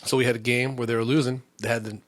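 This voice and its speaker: A man's voice: medium pitch, little pitch movement, fast, fairly bright tone, no echo. Indignant man ranting on a podcast. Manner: indignant, heated, rambling with restarts. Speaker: podcast host. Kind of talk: casual storytelling rant.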